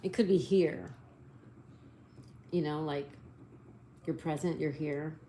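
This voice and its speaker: Slow, mellow-voiced woman streamer. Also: sits low, steady tone, a little hiss or hum. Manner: slow, spells answers letter by letter and reads out viewer comments. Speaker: live-stream host. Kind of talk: casual live-stream chat.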